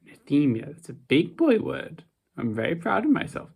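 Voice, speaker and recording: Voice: medium pitch, wildly swooping pitch, measured pace, gravelly, a little mellow, slightly rough. A sleep-deprived young adult vlogger talking in a casual, rambling way, mumbling at times and then perking up in sudden bursts.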